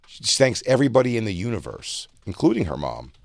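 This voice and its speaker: A man co-hosting a podcast, trading crude, animated jokes and laughing often in casual banter. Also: on the low side, quick pace, creaky. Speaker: podcast co-host.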